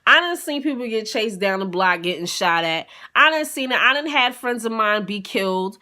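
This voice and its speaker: A young woman from Queens, telling a story in a blunt, profane, animated way. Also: mid-range voice, normal speed. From Queens, New York. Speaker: vlogger. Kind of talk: casual storytime.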